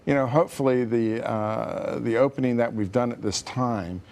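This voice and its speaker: A man's voice: mid-range voice, normal speed, a little mellow. A man speaking as a guest on a TV panel discussion, hesitant and full of restarts.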